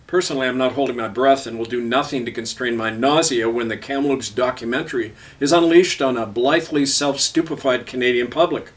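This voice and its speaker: A man's voice: mid-range voice, fairly quick, few pauses, recorded from a distance. Sardonic middle-aged man reading his column. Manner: sardonic, biting.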